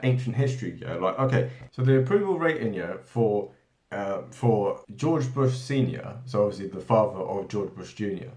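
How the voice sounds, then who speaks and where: A man's voice: on the low side, a little mellow. Rambling British-raised man, echoey room. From Britain. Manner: rambling, many tag questions and restarts. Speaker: political commentary channel host. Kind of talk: unscripted monologue.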